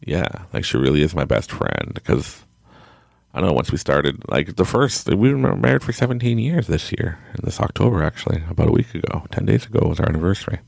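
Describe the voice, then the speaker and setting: Man, late 30s, podcast storyteller: very low and lively, rambling and candid, dry close recording. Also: brisk, gravelly, dry recording. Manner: rambling, full of restarts, frank and emotional. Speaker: podcast guest.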